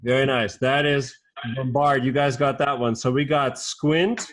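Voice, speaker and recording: This mid-range, fairly bright voice belongs to an upbeat teacher who patiently runs a young children's class over video, keeping her tone steady while firing questions in quick succession.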